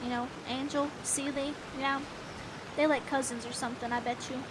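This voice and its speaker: A young woman casually commentating her gameplay, excitable and rambling, with frequent giggles and sudden yelps. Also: high-pitched, normal speed, background noise. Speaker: gaming channel host. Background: game music.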